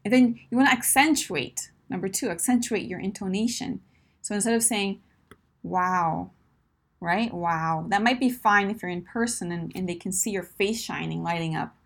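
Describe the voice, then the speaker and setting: A woman's voice: mid-range voice, a little fast. A woman coaching listeners in a direct advice talk, emphatic and encouraging, often checking in with "right?" and "my friend".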